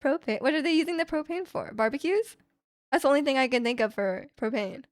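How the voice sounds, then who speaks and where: A woman's voice: high voice, expressive, fairly quick, no echo, studio quality. A young woman livestreaming from home, chatting in a rambling way and reading out viewer comments with light laughs.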